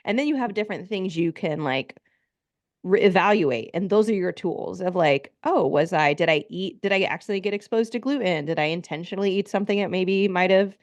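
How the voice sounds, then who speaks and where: A woman hosting a health podcast, chatty and reassuring, with plenty of casual fillers. Her lowish voice comes across close and dry. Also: a little fast, no echo. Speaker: podcast host, gut health therapist. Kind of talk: casual interview chat.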